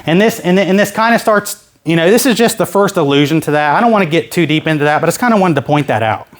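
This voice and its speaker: A man leading a Sunday school Bible lesson, reading scripture aloud and then retelling it loosely in plain talk. His voice jumps up and down in pitch as he acts out the characters and gets fired up, then drops low again for narration. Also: lively intonation, quick pace. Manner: retells the story in casual everyday speech, acting out the characters; reads old-fashioned scripture aloud between paraphrases.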